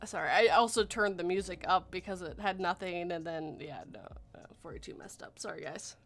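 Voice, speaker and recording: A woman hosting a casual livestream chat, cheerful and quick to laugh as she greets viewers. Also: on the low side. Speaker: podcast host. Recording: faint music behind.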